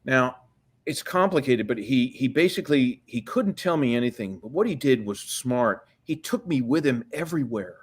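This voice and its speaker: A man's voice: medium pitch, animated, moderate pace, slightly rough. A man in his fifties, a guest in an interview, telling long rambling stories with plenty of swearing and acted-out quoted dialogue. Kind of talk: casual storytelling interview.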